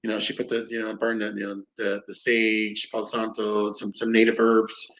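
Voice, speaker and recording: A man's voice: fairly low pitch, monotone, moderate pace, fairly bright tone. A man casually telling a paranormal investigation story, rambling, swearing freely and acting out what people said. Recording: roomy, dull lo-fi podcast audio.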